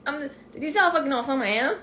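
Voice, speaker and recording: A woman with a Québécois French accent, talking through a live podcast monologue, animated, laughing often and swearing freely. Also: high-pitched, very fast. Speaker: life coach podcast host. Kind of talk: live-streamed personal monologue. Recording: echoey room with faint ambient noise.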